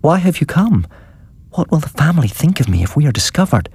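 A man voicing a young village woman in a spoken storybook, talking in a soft, sweetened, coaxing way. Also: a little high, very animated, a little fast, breathy edge, no echo, pitched above the performer's own voice, heavily acted. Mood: alarmed.

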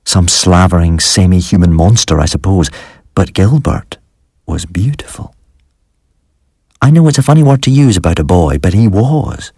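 A man with a deep, husky voice reads a spooky first-person story in a measured, dramatic way. The recording is dry and close, with no room echo. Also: animated, a little mellow. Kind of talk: scripted horror story narration.

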